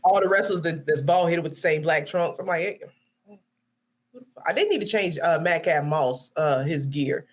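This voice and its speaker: A woman's voice: low voice, normal speed, few pauses. A middle-aged woman guesting on a podcast, talking bluntly and playfully with lots of swearing, sounding tired. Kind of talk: casual chat.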